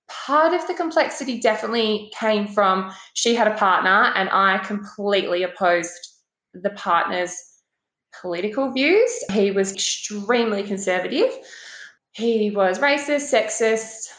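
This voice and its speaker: A young pregnant woman from Australia, casually telling a story and swearing, acting out quoted voices with big jumps in pitch. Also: lively intonation, unhurried, a bit bright. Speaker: guest telling a personal story. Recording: roomy echo.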